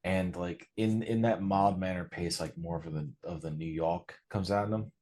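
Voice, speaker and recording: A man narrating a tabletop horror game as game master, in a loose, drawn-out way with many fillers. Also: low-pitched, steady tone, dark tone.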